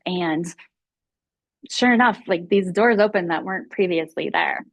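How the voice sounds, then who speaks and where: A woman's voice: medium pitch, animated, normal speed, no echo. A woman speaking as a guest mindfulness teacher, telling her own story openly and confessionally. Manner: open and confessional, acts out her own past thoughts. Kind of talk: candid personal storytelling.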